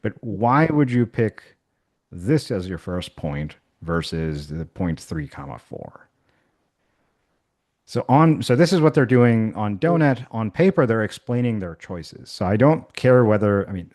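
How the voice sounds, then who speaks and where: A man's voice: on the low side, darkish tone. A man who teaches math, walking colleagues through an online activity in a casual way, thinking aloud with fillers and restarts. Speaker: math instructor. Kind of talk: workshop software demonstration.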